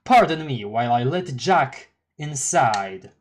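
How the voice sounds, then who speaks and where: A streamer reading a webcomic live and talking through the reactions. The talk is casual and chatty, with frequent laughter and quick asides. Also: medium pitch, lively intonation. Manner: chatty and giggly, reacting aloud.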